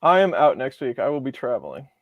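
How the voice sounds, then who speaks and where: Measured man on a dull-sounding stream. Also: medium pitch, wildly swooping pitch, dry recording. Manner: plain, measured, some hesitations. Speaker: stream co-host. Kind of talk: casual chat.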